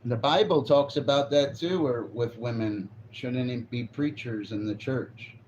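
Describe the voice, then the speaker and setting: A man talks in a loose, rambling way as a live streamer, reacting to chat and swearing freely. His voice sits at an ordinary middle pitch. The audio is dull and lo-fi, with a faint hiss underneath. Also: a little slow, a little mellow. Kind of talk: casual chat.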